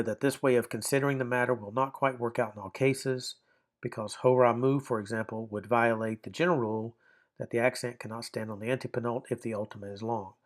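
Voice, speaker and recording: A man teaching a recorded grammar lesson, reading from a textbook and explaining it in an informal, conversational way with asides to the viewer. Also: mid-range voice.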